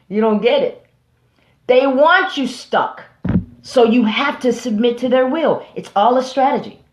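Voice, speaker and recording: A woman hosting and preaching, emphatic and rhetorical, speaking straight to her listeners. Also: medium pitch. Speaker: host and preacher. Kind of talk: preaching to an audience. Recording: roomy, slightly dull recording.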